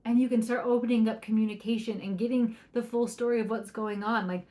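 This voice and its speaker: A middle-aged parenting coach hosting a podcast talks fairly quickly with few pauses, her fairly high voice staying fairly even. She gives advice in a chatty, upbeat manner, keeps asking "right?", and acts out soft quoted lines.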